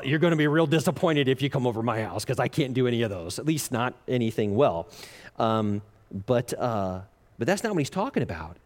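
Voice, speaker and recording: A man preaching a sermon as a pastor, animated and jokey, laughing often and acting out the lines he quotes. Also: mid-range voice. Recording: long reverb of a large hall.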